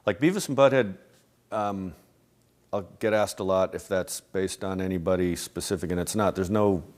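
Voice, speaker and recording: Low-voiced man, rambling and laughing softly. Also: moderate pace, slight background noise. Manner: rambling, with many restarts and soft laughs. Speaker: interview guest, animator and voice actor. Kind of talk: casual interview conversation. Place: a home.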